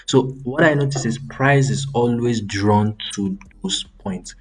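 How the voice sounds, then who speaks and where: A man's voice: mid-range voice, a little slow. A young man hosting a trading channel, casually talking through a live screen-share trade breakdown with frequent ums and self-corrections.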